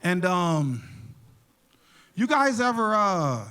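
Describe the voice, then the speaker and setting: A young man working a stand-up set on a theater stage with a noticeably high voice. He tells animated, jokey stories to the room. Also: very slow, smooth. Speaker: stand-up comedian.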